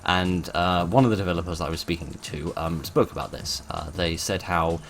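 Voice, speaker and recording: A man with a very low voice talks through his channel's past and future in a loose, informal way. He weighs each point aloud, stopping and restarting often. A faint hiss sits under the recording. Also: fairly even intonation, normal speed, creaky, a bit bright. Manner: thoughtful, hesitant, many fillers and restarts. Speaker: channel host.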